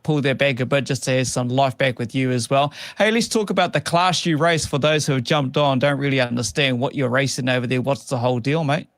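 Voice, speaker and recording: A man's voice: mid-range voice, a little fast, few pauses, no room sound. A man hosting a casual livestream chat, upbeat and matey, calling people mate and bro. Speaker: host.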